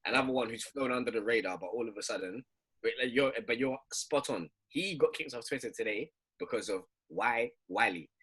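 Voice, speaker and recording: A man's voice: medium pitch, a little fast, slightly rough. A man talking emphatically in a casual podcast chat with friends. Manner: emphatic, lively ranting. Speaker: podcast co-host.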